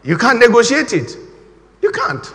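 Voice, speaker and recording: Middle-aged man, high voice, animated repetitive sermon delivery. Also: moderate pace, gravelly. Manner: animated, emphatic, repeats key phrases. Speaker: preacher. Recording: reverberant hall.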